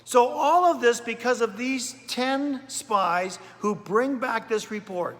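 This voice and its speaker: A man's voice: very high voice, takes it slowly, in a large hall. A man pastor preaching a sermon in a chatty storytelling way, often repeating words as he goes. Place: church.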